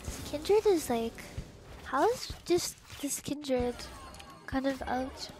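A woman with a high voice talks through her game in a low grumble, swearing at her team and half-whispering complaints to herself. Loud music plays clearly behind her. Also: lively intonation, takes it slowly. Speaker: game streamer. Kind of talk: live gameplay commentary.

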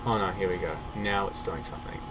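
A man's voice: low voice, steady tone, fast talker, background noise. A man talking casually to viewers as he plays a shooter game, chatty and self-mocking, with the odd swear. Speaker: game player. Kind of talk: solo gameplay commentary.

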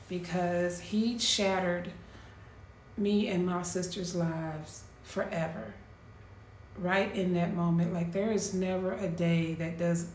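A woman with a gravelly, fry-laced voice tells a painful personal story, slow and quietly intense with heavy pauses. She sits in an echoey room with a faint hum of ambient noise. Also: fairly low pitch.

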